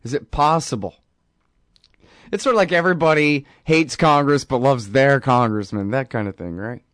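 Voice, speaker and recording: A man's voice: medium pitch, normal speed, fairly bright tone, dry recording, studio quality. A man hosting a show, ranting sarcastically about politics in a rambling, mocking way. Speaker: host. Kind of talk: casual political rant.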